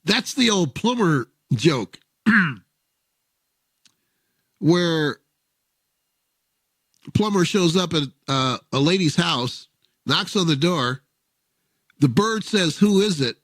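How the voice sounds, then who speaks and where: A man's voice: fairly high pitch, expressive, very slow, pauses often, fairly bright tone, dry recording, studio quality. A man, a former show host, chatting casually and telling jokes, laughing often and acting out the voices in his stories. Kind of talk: casual comedic chat and storytelling.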